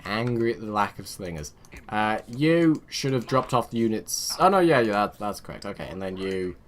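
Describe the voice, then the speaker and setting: A man's voice: on the low side, lively intonation, moderate pace. A young man giving casual let's-play commentary, rambling and chatting to his game units with muttered asides. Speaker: gaming video host.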